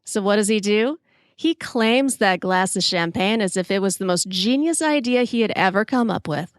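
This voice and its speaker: Expressive forties woman storyteller, self-deprecating humor, mid pitch, dry close sound. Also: moderate pace, no echo. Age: 40s. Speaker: podcast host. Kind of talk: solo storytelling podcast.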